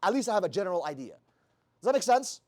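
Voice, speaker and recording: A man's voice: high-pitched, sing-song, fast, darkish tone. A man in his thirties giving a blunt, profane, fired-up motivational talk. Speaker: motivational speaker.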